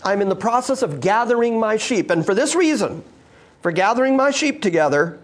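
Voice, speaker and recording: A man's voice: high voice, expressive, fairly quick. A man preaching a sermon to a live congregation, emphatic and full of rhetorical questions put to the listeners. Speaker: pastor.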